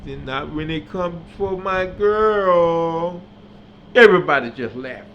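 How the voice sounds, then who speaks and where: A man recounts his own story in a lively monologue, voicing the people in it and pushing to loud, emphatic peaks. His voice sits a little high for a man. The audio is slightly dull, with a faint hum behind him. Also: slow pace. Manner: animated, acts out dialogue, builds to loud emphatic peaks.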